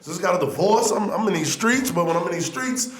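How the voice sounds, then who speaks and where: Man in his 40s, comedian guest, joking storyteller, lively delivery, echoey room. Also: high voice, a little fast. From Philadelphia, USA. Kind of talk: casual podcast chat. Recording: roomy echoey studio.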